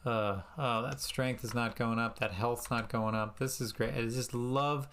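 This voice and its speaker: A man streaming a retro game live, chatting in a rambling, sarcastic and self-mocking way, with sudden high exasperated outbursts. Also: fairly even intonation, measured pace, fairly bright tone, clean tone. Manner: bursts into high exasperated exclamations.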